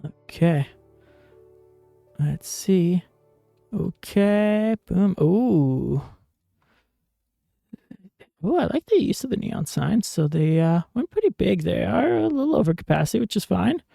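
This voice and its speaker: A man giving casual let's-play commentary as a gaming YouTuber, relaxed and musing with small fillers and laughs. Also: high-pitched, slow, creaky, long pauses, dry recording, studio quality, soft background music.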